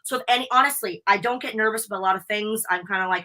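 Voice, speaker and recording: A bubbly young American woman talks fast and freely in a live podcast interview. Her voice is bright and forward, and she tells stories with plenty of lift and animation. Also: medium pitch. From United States. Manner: bubbly, talkative, animated storytelling. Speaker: wrestling interviewer and guest. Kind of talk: casual live interview chat.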